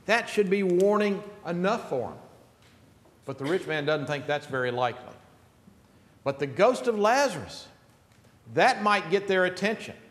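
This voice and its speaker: A man's voice: sits high, reverberant, in a large hall. A man pastor preaching an earnest, emphatic sermon in a church sanctuary.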